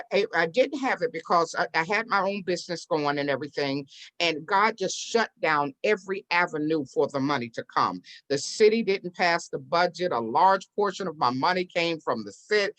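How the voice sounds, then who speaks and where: A woman guest tells her story with lively energy and slips into the voices of the people she quotes. Her speaking voice sits a little low for a woman. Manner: animated storyteller who acts out quoted voices. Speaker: real estate investor and business owner, interview guest. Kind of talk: storytelling in an interview.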